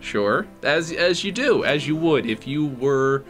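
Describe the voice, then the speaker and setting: A man playing a halting, awkward friend. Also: on the high side, expressive, a bit bright, soft background music. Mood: hesitant. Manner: hesitant, halting, polite. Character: awkward, patient man confronting his friend. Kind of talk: comedy sketch.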